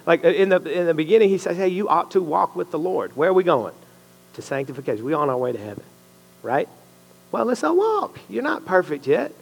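A man's voice: mid-range voice, vocal fry. A man giving a casual, conversational sermon to a small group, often checking in with "right?". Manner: conversational, animated, uses "bro" and "right?". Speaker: lay preacher and coach. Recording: echoey hall with long reverb.

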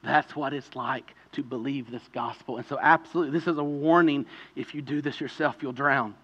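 A male pastor preaching in a casual, storytelling way, his voice bright and forceful. He climbs to loud, impassioned peaks and then drops back to a quiet, intimate tone. The recording is a little dull and lo-fi. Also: mid-range voice, steady tone, a little fast. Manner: conversational preaching with vivid storytelling, rising to loud pleading peaks. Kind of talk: sermon.

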